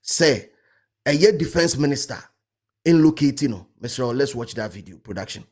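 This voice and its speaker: A man's voice: medium pitch, animated, moderate pace, a little mellow. A man with a Ghanaian accent hosting a commentary show, talking in a subdued, hesitant way with many fillers. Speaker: host. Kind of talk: casual commentary.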